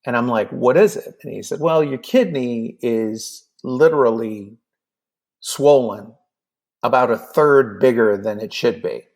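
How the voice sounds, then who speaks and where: A man in his fifties recounts a personal story in casual podcast talk, his voice gravelly and pitched in the middle range. He acts out the dialogue, hopping between voices, with plenty of ums and likes along the way. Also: measured pace. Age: 50s. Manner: animated, acts out dialogue with many fillers. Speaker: podcast guest.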